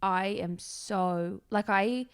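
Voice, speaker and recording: A young woman hosts a casual podcast chat in a mid-range voice. She is animated and theatrical, and she slips into whispers when she acts out what she said. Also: medium pitch, very slow, clear, resonant tone. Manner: expressive, acts out quotes, whispers asides. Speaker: podcast host.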